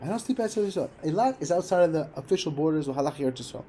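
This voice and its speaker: A man's voice: fairly high pitch, lively intonation, rapid-fire, mellow. A man giving an informal Torah class, telling stories and repeating phrases for emphasis. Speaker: Torah teacher.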